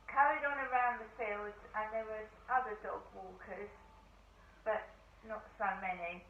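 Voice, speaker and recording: A hoarse middle-aged woman chatting casually to her vlog camera at home, telling a rambling story. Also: mid-range voice, steady tone, unhurried. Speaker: vlogger. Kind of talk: casual diary-style chat. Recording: echoey room, distant mic, dull sound, faint hiss.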